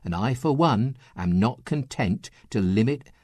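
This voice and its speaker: A man preaching a radio sermon, with lively rises and falls and dramatic pauses. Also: medium pitch, husky, no echo, clean studio sound. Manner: lively, rising and falling delivery with dramatic pauses.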